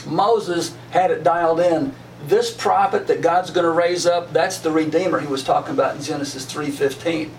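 A man's voice: high voice, creaky. A man leading a casual Bible study, reading verses and retelling them in folksy slang. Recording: echoey room, mic far off, faint noise.

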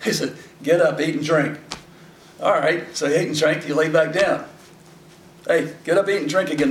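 A man teaching from scripture in a folksy, conversational way, often slipping into casual paraphrase. His voice sits a little high for a man and has a gravelly edge. He sounds set back from the mic in an echoey room, with faint noise underneath. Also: far from the mic. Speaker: Bible teacher.

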